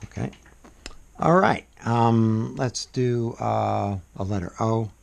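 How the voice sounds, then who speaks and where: A soft-spoken man demonstrating calligraphy in a casual, rambling way, often trailing off into murmurs as he writes. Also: lowish voice, slow pace, creaky. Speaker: calligraphy instructor. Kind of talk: casual demonstration while writing.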